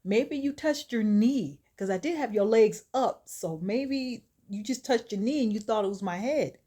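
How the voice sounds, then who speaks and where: A woman's voice: a little high, expressive, moderate pace. A woman voicing an earnest, protective young boyfriend. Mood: reassuring. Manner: frantic questions, then soft reassurance.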